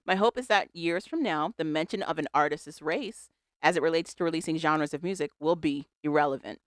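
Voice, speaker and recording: A podcast co-host chatting casually about celebrity news, stopping to read a statement aloud and dropping wry comments along the way. The voice sits at a middling pitch and is picked up on a close mic in a dead, dry room. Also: sharp tone, clean tone, no room sound. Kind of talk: casual pop-culture chat.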